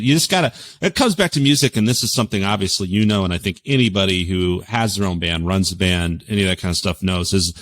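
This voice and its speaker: A man in casual podcast chat, rambling and profane, with sudden loud bursts of emphasis. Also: deep voice, dry recording.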